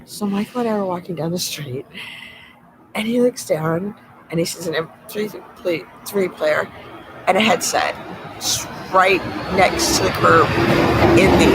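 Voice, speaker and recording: A woman vlogger telling rambling personal stories, wandering between digressions and soft mumbled asides. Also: on the low side, background noise.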